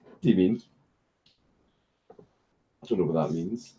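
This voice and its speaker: A man's voice: sits low, slow, warm tone, low-quality recording. A Scottish man casually chatting on a home live stream, reading viewer messages, swearing and joking while a puppy distracts him.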